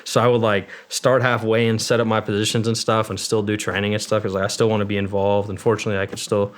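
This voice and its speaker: A young man with a somewhat low voice, talking as a guest on a long-form interview show. He tells his story candidly and loosely, full of "like" and "um," with casual swearing. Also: level tone, fast. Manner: rambling and candid, with fillers and swearing. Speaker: guest, former Marine.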